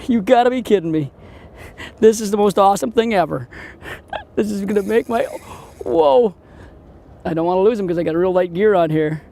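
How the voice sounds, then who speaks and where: Excitable high-voiced man fishing. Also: gravelly. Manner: excitable, exclamatory, talks to the fish. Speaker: fishing show host. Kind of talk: on-the-water fishing commentary. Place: outdoors on a boat on a lake.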